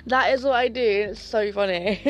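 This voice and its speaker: A woman's voice: fairly high pitch, normal speed, faint music behind. A young woman chatting casually to camera, sassy and gossipy, swearing freely. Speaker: vlogger.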